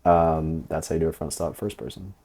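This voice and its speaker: Male coach, deep voice, relaxed instructional narration, casual fillers throughout. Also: a little fast, husky. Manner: relaxed, loose, lots of fillers like "um" and "like". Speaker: dating coach.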